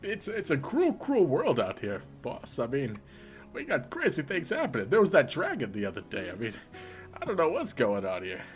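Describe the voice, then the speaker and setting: Man voicing a shifty henchman, stammering, eager to please, mid-pitched, faint music behind. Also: huge pitch swings, moderate pace. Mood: evasive. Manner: hesitant, full of "uh", wheedling.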